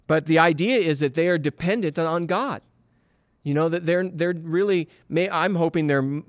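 A middle-aged pastor gives a conversational sermon in a voice on the high side, recorded without room sound. He's earnest, poses many rhetorical questions, and says "you know" often.

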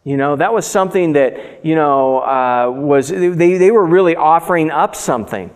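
Male preacher with a fairly high voice, alternating scripture reading and casual commentary, recorded in a reverberant church hall. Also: animated, normal speed, clean tone. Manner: reads scripture aloud and breaks in with loose, conversational asides. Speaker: pastor. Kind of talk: sermon.

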